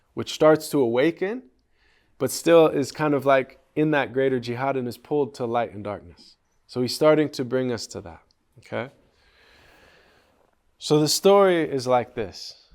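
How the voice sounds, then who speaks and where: A man teaching at a spiritual retreat, relaxed and conversational, often checking in with his listeners. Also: mid-range voice. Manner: relaxed, conversational, asks the group questions. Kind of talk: storytelling lesson on a classic poem.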